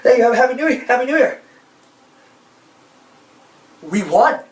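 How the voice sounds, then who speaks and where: Man playing a brash loudmouth, hot-headed, shouty, distant mic. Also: extremely high pitch, sing-song, moderate pace, roomy sound. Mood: stunned.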